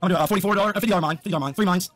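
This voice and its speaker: A man streaming his own gambling, excitable and swearing constantly, bursting into shouts. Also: high voice, very fast. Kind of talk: live-stream reaction.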